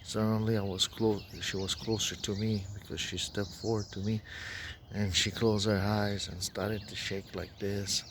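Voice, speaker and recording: A man with a voice recounting a dream in a rambling, halting way, full of restarts and fillers. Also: fairly low pitch, little pitch movement, noisy background. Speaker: dream narrator. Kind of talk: rambling personal account.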